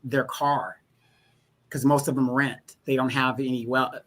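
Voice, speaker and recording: A man's voice: medium pitch, flat delivery, measured pace. Man, co-host, casual discussion, long explanations, stumbling restarts. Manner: explains at length with frequent restarts.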